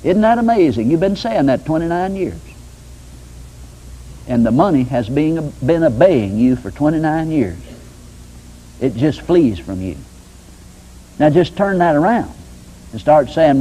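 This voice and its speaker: An older man with a drawl preaches in a relaxed, homespun manner. His voice is slightly raspy and sits a bit high, with a lively, rising and falling delivery. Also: unhurried, pauses often, low-quality recording. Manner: folksy, conversational preaching with homespun examples. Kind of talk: sermon teaching.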